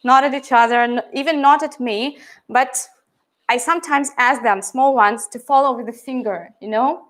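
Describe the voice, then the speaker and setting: A woman's voice: high-pitched, moderate pace, fairly bright tone. A middle-aged woman, an English teacher, explaining how she teaches pronunciation and often checking in with "yeah?" and "right?".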